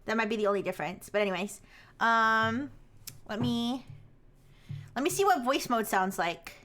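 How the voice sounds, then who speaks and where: A woman's voice: on the high side, animated, normal speed, a bit bright, a little hiss or hum. A young woman chatting casually on a live stream, rambling with many restarts and frequent laughter.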